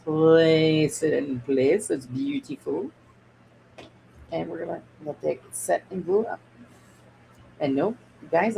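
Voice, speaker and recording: A woman's voice: deep voice, takes it slowly, creaky, pauses often, dark tone, a little hiss or hum, low-quality recording. A woman hosting a casual miniature-crafting stream, chatting in a rambling way and answering viewer comments as she builds. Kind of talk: casual craft livestream chat.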